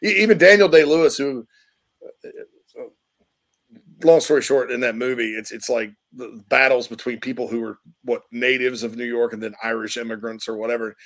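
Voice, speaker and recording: A man's voice: medium pitch, fairly even intonation, fairly quick, a bit bright. A man co-hosting a sports talk show, chatting casually and animatedly, sometimes slipping into playful accent impressions.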